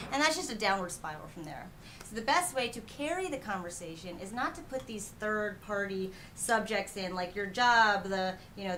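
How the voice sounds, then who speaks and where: A woman's voice: medium pitch, a little hiss or hum. A woman dating coach talking frankly and acting out little quoted lines in a casual advice chat. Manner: frank, animated, acts out quotes.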